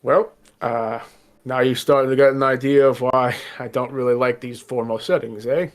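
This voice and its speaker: A reserved young nobleman, polite and faintly dry, weary of court life, as a man voices him. His voice sits at a middling pitch. Soft music runs underneath. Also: steady tone, normal speed, lightly acted. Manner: polite, dry, a little formal.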